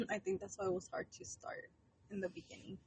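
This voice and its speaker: A woman's voice: very high-pitched, big pitch swings, brisk, gravelly, a little hiss or hum, rough recording. A woman in her early thirties co-hosting a podcast, talking bluntly, swearing and mixing English with Spanish. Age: 30s. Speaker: podcast co-host. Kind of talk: casual podcast chat.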